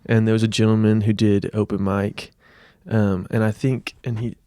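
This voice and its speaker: Low-voiced laid-back man from Dallas. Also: level tone, normal speed, dark tone, no echo. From Dallas, Texas. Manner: laid-back, wry, rambling storyteller. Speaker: podcast guest, musician. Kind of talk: casual chat.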